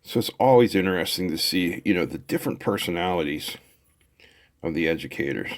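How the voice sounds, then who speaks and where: A man's voice: deep voice, expressive, a little fast. A middle-aged man casually talking through a kit build as he solders, chatty and thinking aloud. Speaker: electronics hobbyist host.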